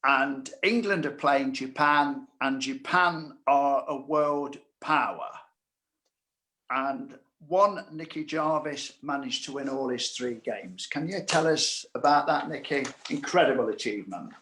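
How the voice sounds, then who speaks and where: Halting male host with frequent uh fillers. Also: medium pitch, bright, forceful tone. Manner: introduces guests with frequent uh fillers. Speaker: host of club Q&A. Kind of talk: hosting a live Q&A.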